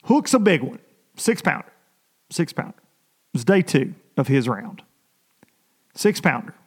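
A man hosting a fishing podcast, telling a story in an exasperated, animated, folksy way. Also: mid-range voice, unhurried, slightly rough. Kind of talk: casual rant.

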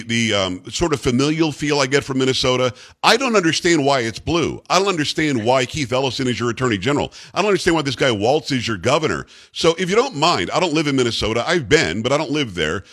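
Man, radio talk host, rapid delivery, emphatic and rambling, mid-pitched voice. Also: a bit bright. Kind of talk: political talk radio interview.

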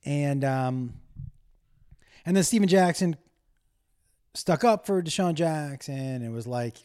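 A man's voice: a little high, lively intonation, takes it slowly, darkish tone, clean tone. Rambling man telling crude stories. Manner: rambling, digressive, self-deprecating, crude humor. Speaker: solo podcast host. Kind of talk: casual storytelling monologue.

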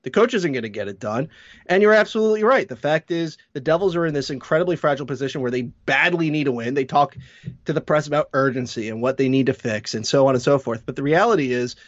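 A man's voice: a little high, fast, no room sound. A man with a slightly raised voice rants sarcastically about hockey in casual podcast chat. The recording is dry and a little dull, with no room sound around him. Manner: sarcastic, ranting, animated. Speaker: hockey blogger, podcast co-host.

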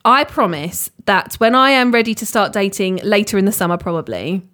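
A woman's voice: medium pitch, expressive, brisk, a bit bright. A woman co-hosting a podcast in casual chat, candid and swearing freely, often laughing as she talks. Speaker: podcast co-host.

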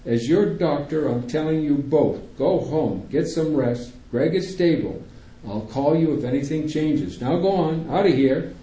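A man voicing a calm, authoritative family doctor who speaks in a firm, reassuring way. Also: fairly high pitch, a little slow, echoey room, lo-fi sound, natural voice.

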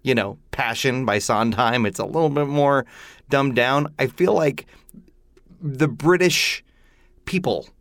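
Animated, opinionated man on a podcast. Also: mid-range voice, unhurried, no echo, clean studio sound. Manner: animated, opinionated, many "like" fillers. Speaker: podcast panelist. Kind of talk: casual chat.

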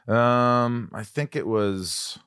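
A man hosting a podcast, telling animated stories full of restarts and acted-out voices. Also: medium pitch. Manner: animated, acts out voices in anecdotes; halting restarts. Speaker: podcast host. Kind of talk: casual storytelling chat.

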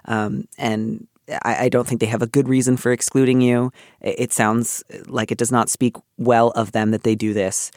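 A man's voice: medium pitch, flat delivery, normal speed, a little mellow, dry recording, clean studio sound. A man hosting an advice podcast, reading a listener letter and answering it in an earnest, wry, thoughtful way with many filler words. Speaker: advice column host. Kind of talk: casual podcast advice chat.

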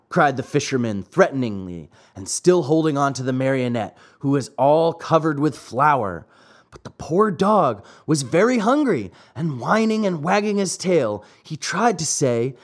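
A man hosting and narrating an audiobook of a classic fairy tale, reading in an expressive way. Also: a little high, a little slow. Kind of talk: storybook narration.

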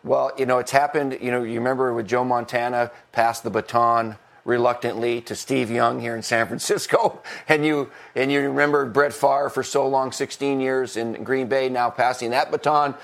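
A man's voice: mid-range voice, level tone, moderate pace, gravelly, few pauses. A middle-aged former football coach chatting on a podcast, talkative, laughing often and restarting his sentences. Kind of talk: casual podcast chat.

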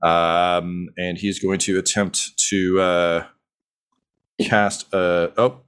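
A man with a lowish voice narrates a tabletop role-playing game as game master. He rambles casually, fills pauses with ums and uhs, and chuckles as he goes. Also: clean tone. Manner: relaxed and rambling, many fillers, laughs easily.

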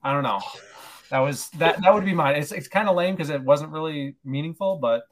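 A man's voice: on the high side, a little fast. A man appearing as a guest on a sports podcast, chatting casually and rambling, with lots of filler words and self-deprecating remarks.

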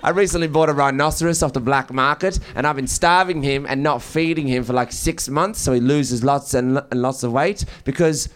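Man doing deadpan stand-up. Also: mid-range voice, fairly quick, hardly any pauses, clean tone. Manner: deadpan one-liners, laughing at his own jokes. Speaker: stand-up comedian. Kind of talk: stand-up comedy set. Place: comedy stage before a live audience.

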